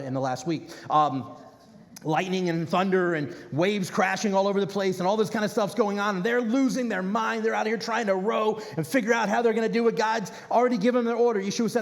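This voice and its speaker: A man, a rabbi, preaching a casual, conversational sermon with animated bursts to his congregation. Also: sits high. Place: congregation hall. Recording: reverberant hall.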